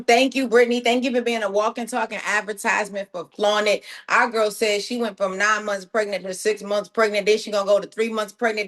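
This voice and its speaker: Upbeat woman coach hosting a call. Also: on the high side. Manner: energetic, encouraging, says "y'all". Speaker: sales coach and call host. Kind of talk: hosting a team training call.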